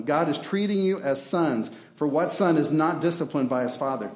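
A man with a somewhat high voice delivers a fervent sermon in a church. The room is echoey, with the sound bouncing off the walls. He moves between urgent appeals and quiet, lowered passages. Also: lively intonation, moderate pace, hardly any pauses. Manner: impassioned preaching, acts out prayers and God's replies. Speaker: pastor.

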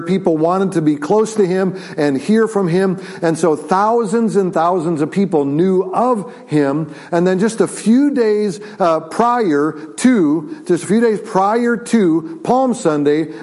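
A male pastor preaching a sermon, retelling a story with many restarts and fillers. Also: a little mellow. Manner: acts out quotes with rising pitch and volume.

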